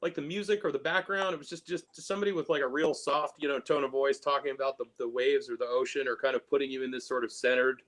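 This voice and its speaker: A man hosting a casual chat over a video call, talking in halting stops and repeated words. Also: mid-range voice, fairly even intonation, fairly bright tone.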